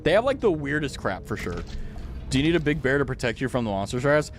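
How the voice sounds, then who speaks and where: A man's voice: medium pitch, sing-song, fast, faint music behind. A man streaming a game, chatting casually and joking at his own expense. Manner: joking, rambling, self-mocking. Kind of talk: casual chat.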